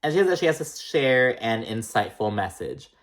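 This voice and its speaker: A man's voice: medium pitch, sing-song, moderate pace. Casual, gossipy man recapping reality TV. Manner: gossipy, profane, filler-heavy.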